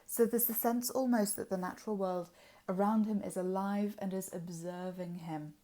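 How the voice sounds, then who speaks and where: A woman teacher with an English accent explaining a poem in a revision lesson, pausing with frequent ums and uhs. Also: mid-range voice, steady tone, dark tone. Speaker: literature teacher.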